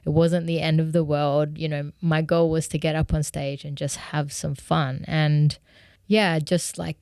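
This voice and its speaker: A woman's voice: deep voice, a little mellow, no room sound, studio quality. A young woman recounting her stage fright in an earnest, candid way, with frequent "like" and "you know". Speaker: musician vlogger. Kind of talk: reflective personal storytelling.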